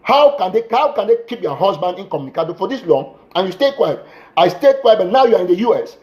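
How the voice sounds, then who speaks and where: High-voiced man delivering an impassioned appeal. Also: very animated, fast, dull audio. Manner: urgent, repetitive exhortations, bursts of shouting. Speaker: political commentator. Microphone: phone.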